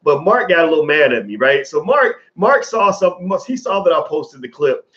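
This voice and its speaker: A man's voice: a little high, expressive, brisk, a bit bright, muffled recording. A man in his forties giving casual, rambling commentary straight to his viewers, swearing freely.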